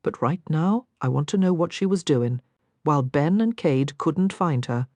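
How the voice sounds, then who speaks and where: A woman's voice: sits low, lively intonation, moderate pace, darkish tone, dry recording. A woman voicing a grave middle-aged father who lectures sternly. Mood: firm.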